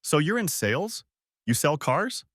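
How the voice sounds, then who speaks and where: A man's voice: fairly high pitch, very animated, a little slow, fairly bright tone, dry recording, studio quality, voice pushed up, exaggerated voice. A nervous, stammering young man. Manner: stammering, apologetic.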